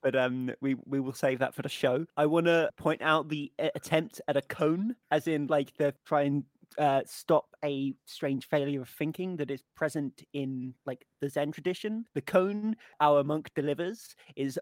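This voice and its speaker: A man's voice: on the high side, moderate pace, hardly any pauses, no room sound. A man co-hosting a podcast, chatting casually and wryly about a movie, swearing and digressing. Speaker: podcast co-host. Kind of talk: casual movie-review chat.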